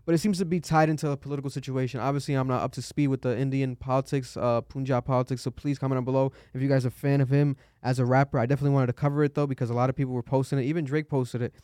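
A man hosting a podcast, talking through the news casually, animated and swearing, jumping up high when he quotes people. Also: rapid-fire, hardly any pauses, dry recording, studio quality. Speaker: podcast host.

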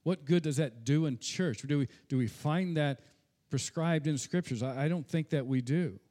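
A man's voice: on the high side, normal speed, warm tone. Earnest man preaching a sermon. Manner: earnest preaching with conversational asides; repeats words and restarts when speaking off the cuff. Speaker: pastor.

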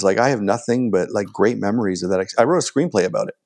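Low-voiced man telling a rambling story. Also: a little fast, a little mellow. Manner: acts out quoted dialogue in a raised voice; rambling, full of "like" and restarts. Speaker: podcast guest. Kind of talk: casual storytelling.

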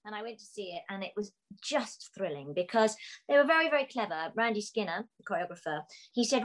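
A middle-aged British woman, a musical theatre actress, telling animated stories and laughing often as a guest. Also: medium pitch, a little fast, rough recording. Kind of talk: casual anecdotal chat.

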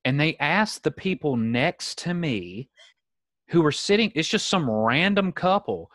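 A young man, hosting a podcast over a video call and telling a story in a casual, animated way. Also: fairly high pitch, measured pace, dry recording. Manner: animated storyteller, acts out quoted voices. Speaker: podcast host.

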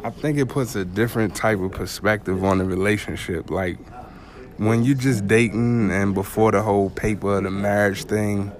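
A man in casual chat giving blunt, relaxed opinions. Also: fairly low pitch, moderate pace.

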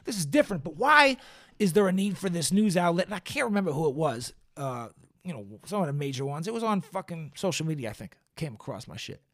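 Seated indoors in a squeaky chair, a man hosts a casual solo podcast, rambling and swearing freely with fillers and restarts. His voice is slightly higher than usual, a bit bright and sing-song, and he talks fast. It's captured on a camera and a studio desk mic.

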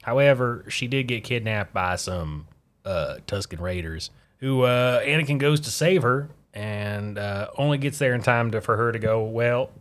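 Animated man recapping a plot. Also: medium pitch, normal speed. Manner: rambling, laughs easily. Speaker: podcast co-host. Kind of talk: casual chat, plot recap.

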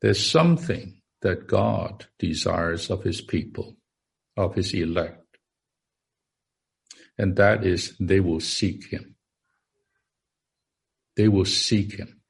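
Slow, gravelly-voiced man preaching. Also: deep voice. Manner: halting, many fillers and repeated words. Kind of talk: sermon.

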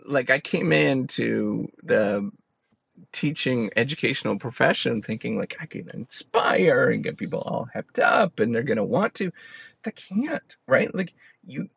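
A husky man in his forties talks through his thoughts in fits and starts, his pitch leaping up and down. The voice has a gravelly edge. The recording is dry and a little dull. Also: dry recording. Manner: halting, restarts, animated swings in pitch. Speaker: educator. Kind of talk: reflective personal talk.

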